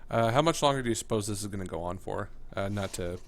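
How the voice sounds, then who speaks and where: A man's voice: on the low side, fast talker. A man playing a tabletop game, playful and mock-formal. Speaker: player.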